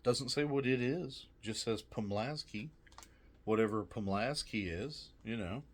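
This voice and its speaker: A man's voice: medium pitch, measured pace. A man casually reviewing snacks, reading trivia aloud with jokey asides, swearing and laughing often.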